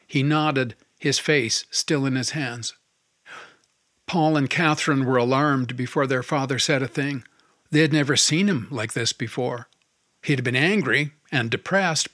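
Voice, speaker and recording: Guy reading a novel aloud, steady, dry close mic. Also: mid-range voice, no echo. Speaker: audiobook narrator. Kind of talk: scripted narration.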